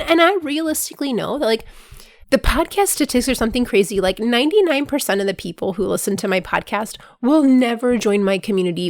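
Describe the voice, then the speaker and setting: A woman hosting her own podcast, talking casually in a voice hoarse from being sick, filling her sentences with "like" and breaking into bursts of excitement. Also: fairly high pitch, dry recording, studio quality. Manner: chatty, fills with "like", bursts of excitement. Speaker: podcast host. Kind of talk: casual solo podcast monologue.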